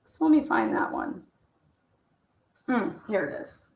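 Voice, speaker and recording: Woman, higher-pitched voice, casual true-crime commentator; blunt and foul-mouthed, reads messages aloud, roomy sound. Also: very animated, a little slow, gravelly, darkish tone. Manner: blunt and profane, talks to herself. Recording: roomy echo.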